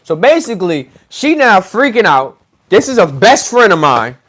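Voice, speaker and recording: A man telling a story in a casual, animated way, swearing and laughing as he goes. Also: high voice, normal speed, a little hiss or hum. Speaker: podcast host, regression practitioner.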